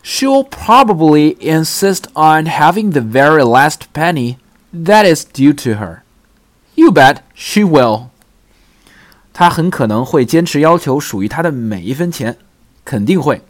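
A man hosting a short bilingual language lesson, explaining a phrase clearly and deliberately. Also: fairly high pitch, big pitch swings. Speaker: English teacher and host.

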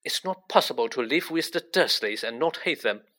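A hot-tempered young boy wizard, voiced by a man narrating a storybook, fierce and clipped. The bright voice leaps up in pitch whenever he pushes back. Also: animated, moderate pace. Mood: angry, defiant.

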